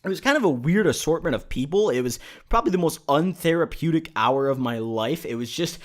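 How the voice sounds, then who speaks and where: A man's voice: a little high, animated, a little fast. Profane young man telling stories. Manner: profane, joking storyteller. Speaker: YouTuber. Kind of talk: casual storytelling vlog.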